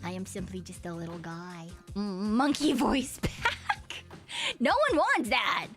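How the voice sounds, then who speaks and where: A woman's voice: medium pitch, expressive, measured pace, fairly bright tone, faint music behind. A woman streamer chatting casually with viewers, rambling, giggling often and swearing freely. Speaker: VTuber streamer. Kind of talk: casual stream chat reading viewer messages.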